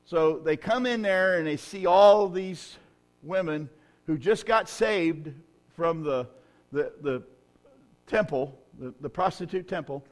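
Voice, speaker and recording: Folksy, joking preacher. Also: male voice, a little high, slow pace. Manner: humorous, folksy storytelling with loud emphatic peaks. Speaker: pastor. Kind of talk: sermon.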